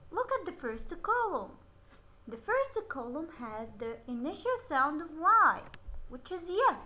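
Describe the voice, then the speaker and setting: A woman teaching young children to read, her high, bright voice swinging up and down as she stretches out each word very slowly. She praises every answer with a cheerful "good job" and keeps the whole lesson in a patient, sing-song teacher's rhythm. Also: poor audio. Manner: slow, drawn-out word modelling with frequent cheerful praise.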